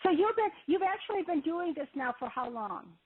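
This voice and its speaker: A woman's voice: very high voice, sing-song, a little fast, slight background noise. A woman hosting a call-in show, chatting in a rambling way with many fillers and restarts. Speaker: host. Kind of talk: casual call-in show talk. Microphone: phone. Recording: tinny phone-line audio.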